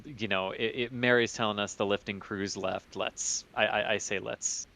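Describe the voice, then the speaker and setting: Low-ish guy on a stream, bright punchy voice, kinda stumbles and repeats himself. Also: fairly even intonation, gravelly. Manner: halting, repeats words. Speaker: co-host. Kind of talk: live stream commentary.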